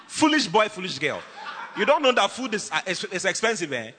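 A man preaching a lively, humorous sermon as pastor, teasing his congregation with bursts of shouting. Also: high-pitched, brisk, in a large hall.

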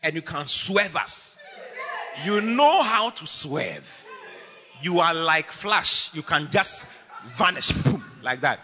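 Man pastor giving a funny animated sermon, bright edgy voice jumping all over, echo of a big hall. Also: on the high side, slow. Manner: animated, teasing, bursts into shouts and laughter. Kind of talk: lively humorous sermon.

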